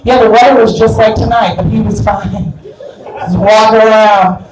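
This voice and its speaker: A woman's voice: fairly high pitch, steady tone, normal speed, darkish tone. A woman stand-up comedian telling a crude, rambling story live on stage in a club. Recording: echoey club from far off.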